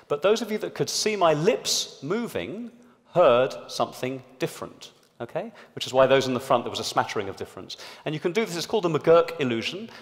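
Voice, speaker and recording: A man giving a public talk to a live audience in a large hall, explaining an experiment in a lively way. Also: mid-range voice. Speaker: panelist. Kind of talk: public talk at a debate event. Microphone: amplified stage microphone. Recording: long hall reverb.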